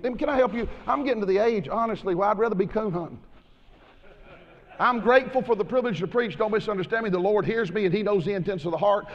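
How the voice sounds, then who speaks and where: An older man preaching a fiery sermon, folksy and impassioned, swinging from shouts to low asides. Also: fast talker, lo-fi sound. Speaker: pastor. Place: large church auditorium at a conference. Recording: long reverb of a big hall.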